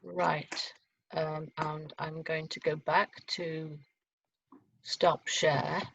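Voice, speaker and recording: A woman's voice: low-pitched, flat delivery, very slow, creaky, a little hiss or hum. A woman, leading a choir rehearsal over a video call and explaining things step by step with plenty of fillers. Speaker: choir leader. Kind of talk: online choir rehearsal teaching. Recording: dull lo-fi video call audio.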